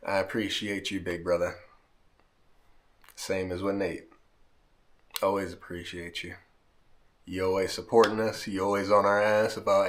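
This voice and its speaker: A man with a very deep, low voice talks straight to camera in a heartfelt vlog. He is close to tears, his words catch and restart, and he keeps ending lines with "man". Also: level tone, moderate pace, pauses often. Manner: emotional, heartfelt, repeats "man", holding back tears. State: near tears. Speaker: vlogger. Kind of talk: emotional direct-to-camera vlog.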